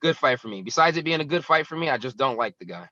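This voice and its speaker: Bright-voiced young fighter, lo-fi, man. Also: medium pitch, lively intonation, quick pace, no room sound. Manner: hostile trash talk, rambling with fillers. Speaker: professional fighter. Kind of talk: casual interview answers. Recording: dull lo-fi dry sound.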